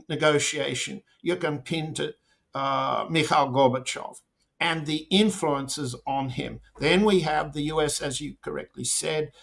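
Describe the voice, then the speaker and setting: A man giving slow, deliberate political commentary as an interview guest, with pointed emphasis. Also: a little high, vocal fry, fairly bright tone.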